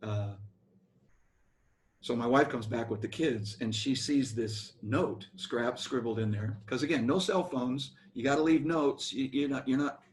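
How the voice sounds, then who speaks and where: An older American man, a bass player, telling rambling stories about his career in an interview. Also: measured pace, slight background noise. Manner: rambling anecdotal storytelling with restarts. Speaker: guest musician, bass player. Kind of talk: storytelling interview.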